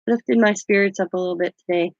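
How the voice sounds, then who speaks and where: A woman's voice: medium pitch, fairly even intonation, fast, no echo. Chatty woman telling a rambling story. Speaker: craft vlogger. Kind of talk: casual chat. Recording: dull lo-fi sound.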